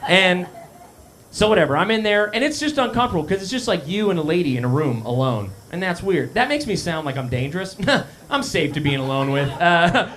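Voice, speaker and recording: A man's voice: sits high, expressive, brisk, a bit bright, slight background noise. A young man performing a live stand-up set, chatting casually with the crowd in a self-deprecating way. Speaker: stand-up comedian. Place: live comedy cafe stage.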